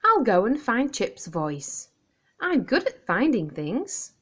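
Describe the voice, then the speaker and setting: An eager young male dog from a children's storybook, as a woman reading aloud puts him on. His voice sits well above the reader's own and swings up and down in a lively way. He says his thoughts slowly and with wonder, like a curious child. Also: a little high, slightly rough, pitched above the performer's own voice, heavily acted.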